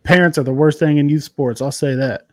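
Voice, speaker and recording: A man's voice: on the high side, fairly even intonation, fairly quick, darkish tone, dry recording. A man co-hosting a sports podcast, joking and teasing in casual, profane chat. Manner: joking, teasing, swears freely. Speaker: podcast co-host.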